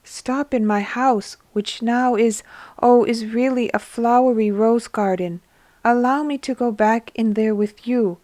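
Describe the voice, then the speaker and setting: A woman voicing Johanna, a young woman newly cured and overjoyed, who speaks fervently, higher and louder than the narration, in a storybook reading. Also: a little slow, dry recording, lightly acted. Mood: devoted.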